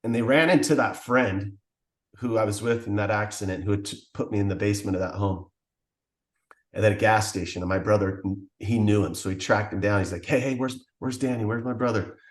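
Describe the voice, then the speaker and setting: Man telling his story on a podcast, earnest, kinda low voice, echoey room. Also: steady tone, a little fast. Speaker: podcast guest. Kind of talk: personal testimony.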